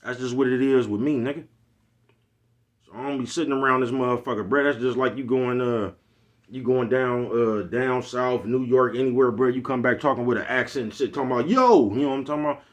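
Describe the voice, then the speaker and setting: A man's voice: mid-range voice, steady tone, brisk. A man from East Oakland with a Bay Area accent, ranting bluntly in a casual monologue full of profanity and repeated check-ins with his listeners. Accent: Bay Area Black American English. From East Oakland, California. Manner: blunt, profane street talk, repeats "you know what I'm talking about". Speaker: vlogger.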